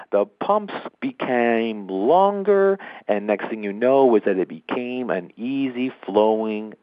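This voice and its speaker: A man's voice: medium pitch, dry recording. A man hosting a motivational session on a conference call, telling a story in a folksy, conversational way and repeating phrases for emphasis. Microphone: phone. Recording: dull lo-fi phone line.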